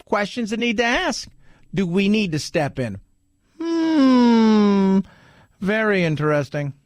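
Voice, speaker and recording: High-voiced animated radio host man. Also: normal speed, no room sound. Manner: animated, rambling with restarts. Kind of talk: talk radio commentary.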